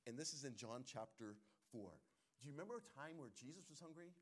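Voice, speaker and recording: A man preaching a sermon, repeating key lines and quoting scripture with animated emphasis. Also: mid-range voice, fast. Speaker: pastor.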